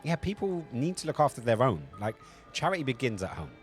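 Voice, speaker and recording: A man's voice: mid-range voice, sing-song, a little fast, faint music behind. A man with a South London Cockney accent, chatting casually on a live stream, rambling, swearing freely and reacting to chat messages.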